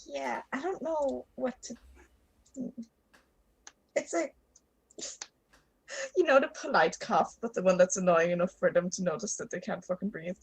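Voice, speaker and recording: A woman playing a tabletop role-playing game talks casually and swears freely. Her voice is husky and breathy, at a middle pitch. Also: unhurried, pauses often, poor audio. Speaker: player.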